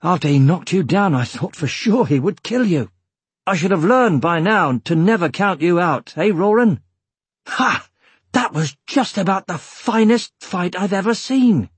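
A man's voice: sits high, expressive, measured pace, slightly rough, no room sound, pitched above the performer's own voice, exaggerated voice. A man voicing a cheerful, admiring male comrade in a storybook reading, with a raised, hearty delivery.

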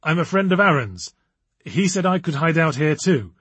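A man voicing a cautious, quick-thinking young woman who speaks in a hesitant, reassuring way. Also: fairly high pitch, very animated, a bit bright, husky, dry recording, exaggerated voice.

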